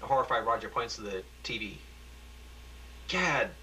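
A man reading the narration of an amateur radio play aloud, halting and restarting over his lines. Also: fairly low pitch, steady tone, sharp tone, a little hiss or hum, poor audio. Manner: halting, frequent restarts and fillers.

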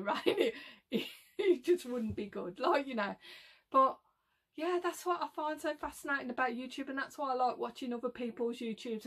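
A woman with a Birmingham accent talking to camera in a casual, rambling vlog, full of "like, you know" asides and frequent laughter. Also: sits high. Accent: Birmingham (Brummie). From Birmingham, England. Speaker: reseller vlogger. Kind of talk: casual chatty monologue.

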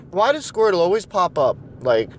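A young man talking to himself while he plays a phone game, frustrated and swearing, a little hoarse from losing his voice. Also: sits high, sing-song, slow, a little hiss or hum. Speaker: vlogger playing a mobile game. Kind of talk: casual vlog commentary.

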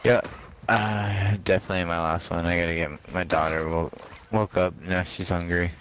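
A sleepy man streaming a game, chatting casually with halting restarts. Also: low-pitched, flat delivery, fairly bright tone, slight background noise. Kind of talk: casual gaming chat.

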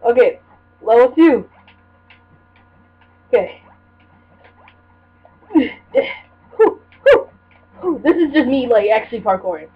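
A woman's voice: on the high side, animated, slow, long pauses. A young woman giving rambling, casual commentary while playing a video game, full of fillers and restarts. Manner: rambling, filler-heavy chatter. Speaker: let's play gamer. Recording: dull lo-fi audio with faint hiss.

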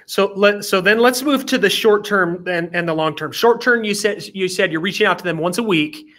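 Bright high-voiced podcast host. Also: male voice. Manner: measured, affirming, asks follow-ups. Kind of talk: interview hosting.

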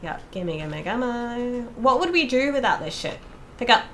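A woman gives loose, sweary commentary while playing a horror game at home, her voice bright and lively. A faint ambience sits behind her. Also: on the high side, measured pace, slight background noise. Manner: swears freely, talks to herself, screams when startled. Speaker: let's play streamer. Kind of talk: casual gameplay commentary.

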